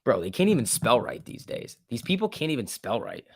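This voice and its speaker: A young man hosts a stock trading livestream in a casual, joking way, reading the chat aloud. His voice sits at a middle pitch and swings between loud bursts and soft asides. The sound is dry and close, with no room echo. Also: big pitch swings, brisk, breathy edge.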